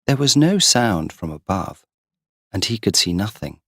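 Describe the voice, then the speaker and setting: A man reading a simple story aloud for English learners, slow and deliberate. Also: low voice, big pitch swings, fairly bright tone, no room sound, clean studio sound. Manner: slow, deliberate, clearly paced. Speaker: audiobook narrator. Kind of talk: scripted narration for English learners.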